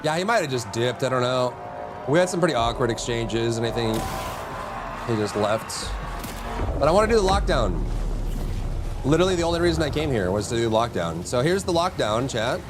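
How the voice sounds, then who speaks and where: Over background music, this male streamer talks fairly quickly but pauses often as he walks his chat through the game. His commentary is excitable, full of high-pitched yelps and playful jabs at the enemies.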